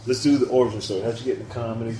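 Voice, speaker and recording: A man's voice: mid-range voice, flat delivery, very fast, warm tone. A man hosting a podcast, chatting casually with crude, teasing jokes. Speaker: podcast host. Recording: echoey room with faint noise.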